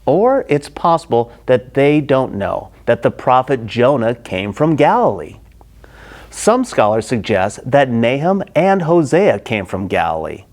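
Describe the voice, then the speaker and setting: A male pastor giving a Bible teaching sermon, emphatic and animated like a storyteller. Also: medium pitch.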